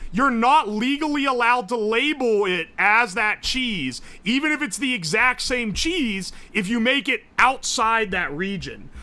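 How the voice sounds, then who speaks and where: A young man streaming live, rambling and swearing as he goes, loud and excitable. His voice sits high and swings up and down a lot, with a bright, forceful edge. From United States. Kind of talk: casual live-stream chat.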